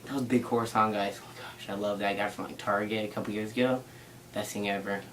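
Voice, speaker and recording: A man's voice: on the low side, fairly even intonation, quick pace, slight background noise, poor audio. A teenage boy telling a story in a casual vlog, rambling with lots of "like" and a playful tone. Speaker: vlogger.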